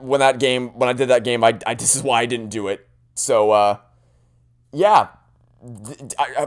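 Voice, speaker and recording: A man's voice: mid-range voice, clear, resonant tone. A man casually commenting on a game playthrough in a rambling, self-deprecating way. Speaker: let's play host.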